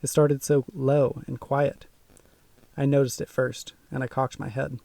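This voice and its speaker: Gravelly man narrating a spooky audiobook. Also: medium pitch, little pitch movement, dark tone, dry recording, distant mic. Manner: measured, suspenseful storytelling. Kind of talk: first-person audiobook narration.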